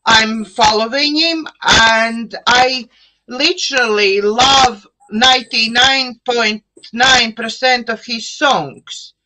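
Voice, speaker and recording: A middle-aged woman with an Eastern European accent, hosting a live online chat show over a video call and speaking slowly, searching for words with many fillers and restarts. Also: fairly high pitch, steady tone, pushed and bright, rough recording. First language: an Eastern European language. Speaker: host.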